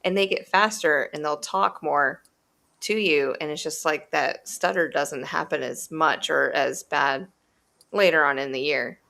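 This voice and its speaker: A woman's voice: sits low, unhurried, gravelly, sharp tone. A woman who works as a teacher, chatting casually and telling stories in a patient, earnest way. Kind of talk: casual chat.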